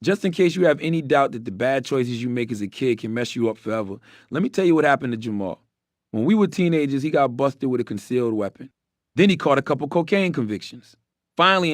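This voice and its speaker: A man's voice: medium pitch, no echo, clean studio sound. A middle-aged man narrating his memoir in a candid, wry storytelling manner with blunt, profane asides.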